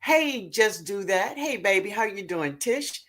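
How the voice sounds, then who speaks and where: A woman's voice: mid-range voice, animated, a little slow, fairly bright tone. A woman hosting a live stream in a casual, chatty way, greeting viewers by name and laughing often.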